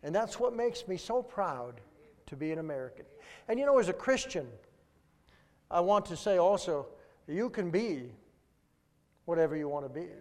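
An older man, a guest speaker, preaching a sermon and telling a family story in a folksy, animated way. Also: high-pitched, moderate pace, pauses often. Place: large church sanctuary. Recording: long reverb of a large hall. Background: congregation.

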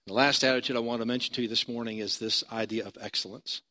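A man's voice: medium pitch, steady tone, quick pace, bright, forceful tone. A male pastor preaching a sermon in a conversational storytelling manner, building to emphatic points.

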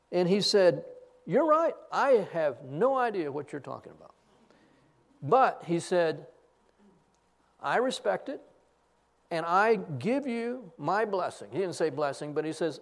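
A middle-aged man preaching a sermon, telling a story and acting out both sides of the remembered conversation. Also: sits high. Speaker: pastor.

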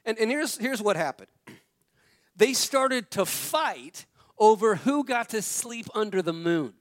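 A male pastor gives a relaxed, conversational sermon in a somewhat high voice. He tells stories and leans on repeated phrases to drive the point home. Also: unhurried. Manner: storytelling, repeats phrases for emphasis.

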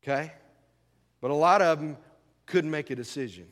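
A man's voice: on the high side, normal speed, a bit bright. A male pastor preaching a sermon in a folksy, conversational way, asking the congregation questions. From rural American South. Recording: long hall reverb.

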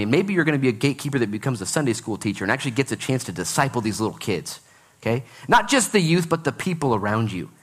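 Animated man preaching a sermon. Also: medium pitch, fast talker, husky. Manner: animated storytelling with self-deprecating jokes. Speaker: pastor. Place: church sanctuary.

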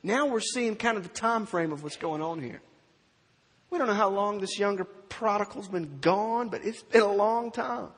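A male preacher giving a sermon, telling a story in an animated way and slowing down for emphasis. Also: sits high, long reverb tail.

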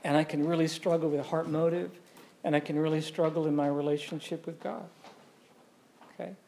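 Gravelly man preaching to a congregation. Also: on the high side, steady tone, a little fast, dark tone, slight background noise. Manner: conversational, asks the audience questions. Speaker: pastor. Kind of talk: sermon.

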